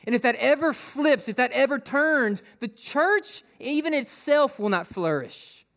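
Male pastor with a high voice, preaching conversationally, full of rhetorical questions. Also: animated, measured pace, a bit bright. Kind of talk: sermon.

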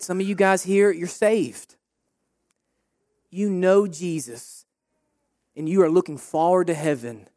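A man's voice: fairly high pitch, darkish tone. A forty-year-old male pastor delivers a fervent sermon. He drives his points home with short, repeated emphatic phrases. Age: 40s.

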